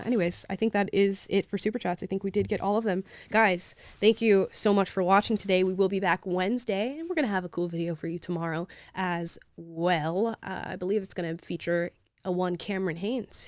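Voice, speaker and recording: A woman's voice: medium pitch, steady tone, fairly quick, dry recording. A woman hosting a live talk show, reading viewer comments aloud in an upbeat, chatty way and laughing often.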